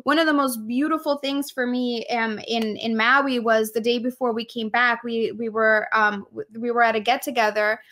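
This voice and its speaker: A woman co-hosts a casual podcast conversation, speaking with an effusive, heartfelt warmth and frequent laughter. Her voice sits a little high and sounds bright and sharp. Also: steady tone, normal speed, hardly any pauses. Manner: warm, gushing, laughs often. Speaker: podcast co-host.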